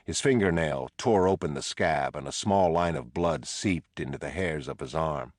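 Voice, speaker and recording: A man reading a novel aloud in a measured, low-key narration. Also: no echo, clean studio sound. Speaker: audiobook narrator. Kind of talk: scripted narration.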